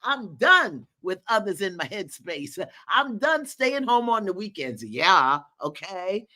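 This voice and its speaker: A woman hosts a live community call from her countryside home, reading comments aloud in a folksy, preacherly manner. Her voice is bright and ringing, and her pitch leaps up and drops low. She laughs freely and keeps cheering her listeners on. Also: slow pace. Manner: animated, laughing, folksy and preacherly, calls out encouragement. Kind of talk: lively live-stream talk, reading viewer comments aloud.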